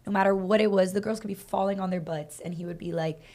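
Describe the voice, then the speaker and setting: A woman co-hosting a podcast, telling animated stories in casual chat and acting out what people said. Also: mid-range voice. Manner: animated, acts out quoted dialogue, fast bursts. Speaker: podcast co-host, dance team coach.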